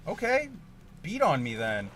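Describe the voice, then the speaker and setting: A man chats casually while streaming a card game, his fairly high voice swinging wildly as he rants. He swears freely and flares into loud exasperated outbursts. A faint hiss sits under the mic. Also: huge pitch swings, measured pace.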